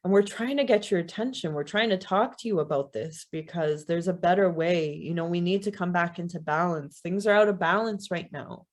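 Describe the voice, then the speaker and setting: A woman's voice: on the low side, fairly quick, few pauses, lightly acted. A woman voicing wise, insistent Crow. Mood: earnest. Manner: earnest, urging, conversational with "you know".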